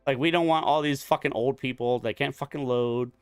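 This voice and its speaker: A man's voice: medium pitch, clear, resonant tone, no echo. A man in his forties chatting casually while gaming online, telling a long, profane story from work in a rambling way. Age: 40s. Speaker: gaming streamer.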